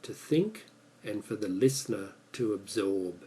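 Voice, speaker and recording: A man with an Australian accent giving a measured, prepared speech as an English speaking coach. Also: lowish voice, lively intonation, dark tone, poor audio. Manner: measured, deliberate delivery.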